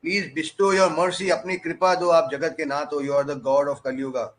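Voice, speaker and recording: A preacher playing a pleading weeping sage. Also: male voice, on the high side, flat delivery, fast, voice pushed up, lightly acted. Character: weeping male sage pleading before his god.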